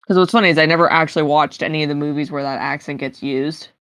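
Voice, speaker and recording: A woman's voice: low-pitched, fairly even intonation, fast talker, a bit bright, no room sound. Chatty rambling woman on stream. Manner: rambling, frequent fillers and laughs, swears casually. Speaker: tabletop game player. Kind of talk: casual chat on a live stream.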